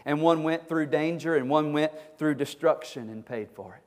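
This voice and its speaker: Fervent high-voiced male preacher. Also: normal speed. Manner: fervent, exhorting, with repeated starts. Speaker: pastor. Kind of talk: sermon. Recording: long hall reverb.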